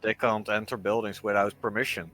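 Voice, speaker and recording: A man's voice: fairly low pitch, level tone, brisk, a bit bright. A man playing in a tabletop game, reasoning things out in a matter-of-fact way.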